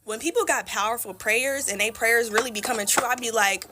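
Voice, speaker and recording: A young woman talks bluntly in a casual get-ready-with-me chat, her voice bright and forceful and set a little high. She swings freely from wry asides into loud, animated bursts. Faint music plays behind her. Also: a little fast, few pauses. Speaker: beauty vlogger.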